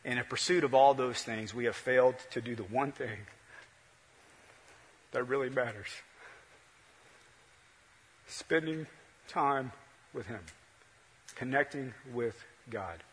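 A male pastor preaching a sermon, with a repetitive cadence that swings between loud peaks and hushed lines. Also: medium pitch, slow, pauses often, breathy edge. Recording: long hall reverb.

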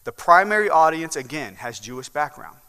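A man's voice: fairly high pitch, very animated, fairly quick, sharp tone, smooth. A male pastor with a Southern American accent, preaching a sermon and often checking in with "right?". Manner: preaching with rising emphasis and frequent "right?" asides. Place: church sanctuary. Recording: long church hall reverb.

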